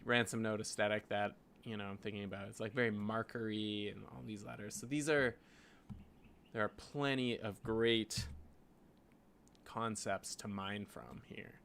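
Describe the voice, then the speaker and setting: Canadian man, graphic designer, casual screen-share vlog, thinking out loud, rambling. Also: on the low side, steady tone, measured pace, gravelly, slight background noise. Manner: thinking aloud, rambling with frequent "like" and "you know".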